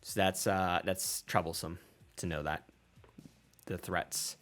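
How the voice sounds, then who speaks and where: A man's voice: sits low, steady tone, moderate pace. A man narrating as game master of a tabletop role-playing game, casual and rambling with many fillers.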